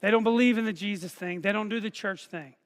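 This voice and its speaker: A man preaching a sermon as pastor, earnest and urging, building to loud repeated chants. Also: high voice, fast. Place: church sanctuary. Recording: long hall reverb from a church livestream.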